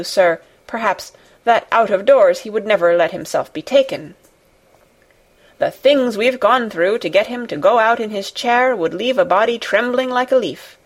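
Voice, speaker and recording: A woman's voice: mid-range voice, lightly acted. A woman voicing a flustered, talkative older housekeeper who rambles deferentially to her master.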